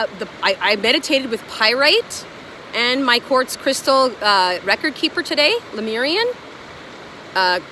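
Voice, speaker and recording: A woman's voice: fairly high pitch, pushed and bright, a little hiss or hum. A woman talking to her viewers in a casual spiritual vlog, earnest and gushing, repeating affirmations and restarting her sentences. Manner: halting, many restarts. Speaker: spiritual vlogger channeling light language.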